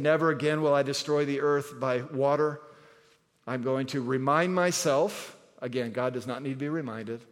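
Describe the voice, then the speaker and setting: A man preaching a sermon as pastor, emphatic, repeating key words and moving between loud and soft delivery. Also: mid-range voice. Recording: long hall reverb.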